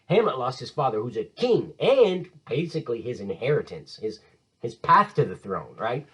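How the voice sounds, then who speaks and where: Husky, lively male teacher. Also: mid-range voice, normal speed, poor audio. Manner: enthusiastic, conversational, paraphrases lines in modern slang. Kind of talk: casual literature lecture.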